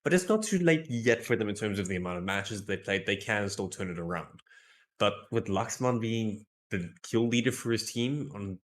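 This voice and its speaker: Low-voiced male esports stats analyst. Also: animated. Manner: measured, stat-focused, wry. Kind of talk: pre-match stats analysis.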